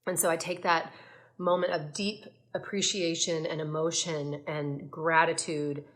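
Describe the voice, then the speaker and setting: Earnest woman coach, slightly low voice. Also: flat delivery, a little slow. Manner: earnest, thoughtful, with frequent fillers and restarts. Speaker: gut health coach. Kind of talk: casual reflective talk to camera.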